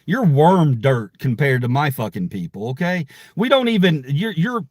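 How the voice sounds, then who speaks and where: A man with a fairly high, very animated voice and a slightly mellow tone hosts his own channel, speaking at a normal pace. He rants angrily at online critics, heated, profane, and confrontational, in a livestream. The studio-quality recording has no room sound.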